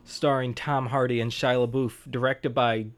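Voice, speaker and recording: A man's voice: mid-range voice, flat delivery, moderate pace, over music. A man hosting a casual movie review podcast, easygoing and rambling, chuckling now and then. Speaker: podcast host.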